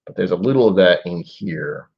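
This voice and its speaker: Deep husky man musing on a live stream. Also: expressive, normal speed, highs cut off. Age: 40s. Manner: musing aloud, rambling with trailing asides. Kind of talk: casual live-stream whiskey tasting chat.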